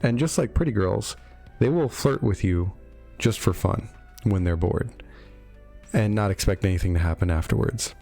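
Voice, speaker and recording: A man with a lowish, creaky, dark voice talks at a normal speed as he casually recaps a game's story for his video. He's a host reviewing game lore, dropping wry, sarcastic jokes and plenty of fillers over faint background music.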